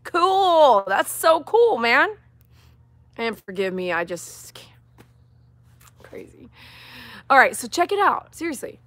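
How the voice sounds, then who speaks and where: A woman's voice: high-pitched, very animated, takes it slowly, long pauses, a bit bright. A woman dog groomer talking outdoors on a live-streamed grooming demonstration, chatty, coaxing and reassuring.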